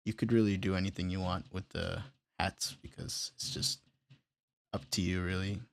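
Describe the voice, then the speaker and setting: A man casually walking through how he built a beat, step by step, in a relaxed, plain way. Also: sits low, normal speed, dry recording. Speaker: music producer tutorial host. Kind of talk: casual screen-recorded tutorial.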